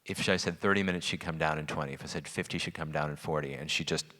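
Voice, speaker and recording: A middle-aged man speaking as a guest at a parent Q&A, chatty and animated, self-described as manic. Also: very deep voice, fast talker. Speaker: guest speaker on student stress. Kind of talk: informal parent-talk Q&A. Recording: long hall reverb.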